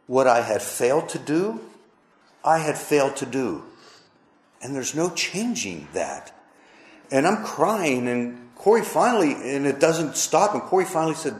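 A middle-aged man preaching a personal testimony, telling his story slowly and with deep emotion. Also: big pitch swings. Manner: slow, emotional storytelling with pauses. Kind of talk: testimony sermon. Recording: roomy echo, faint background noise.

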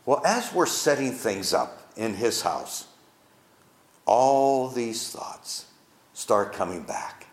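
A man's voice: medium pitch, big pitch swings, takes it slowly. An older man, a pastor, telling a personal story in a sermon, heartfelt and emphatic, often repeating his phrases. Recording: roomy echo.

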